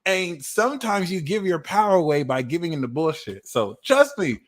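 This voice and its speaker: Blunt animated man reading tarot. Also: a little high, moderate pace. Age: 30s. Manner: blunt, animated, swears freely. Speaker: tarot reader.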